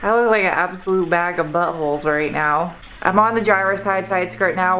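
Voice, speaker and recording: A woman's voice: fairly low pitch, a bit bright, low-quality recording. Chatty young woman vlogging in her garage. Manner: chatty, self-mocking, laughs often. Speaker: car vlogger. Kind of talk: casual vlog talk to camera. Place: home garage and driveway.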